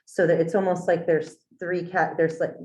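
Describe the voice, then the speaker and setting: A woman's voice: lowish voice, level tone, moderate pace, mellow. A woman on a committee thinking aloud and asking questions to follow a policy discussion. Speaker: committee member. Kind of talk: meeting discussion. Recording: dull lo-fi meeting recording.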